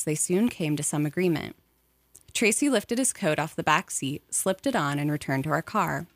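A woman narrating a memoir audiobook in a measured, even storytelling manner. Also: on the low side, no room sound.

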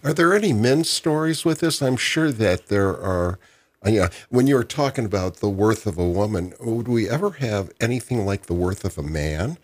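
A man with a husky, low voice hosting an interview. He asks relaxed, halting questions and leans on fillers. His manner stays easygoing and unhurried. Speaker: interview host. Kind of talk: conversational interview.

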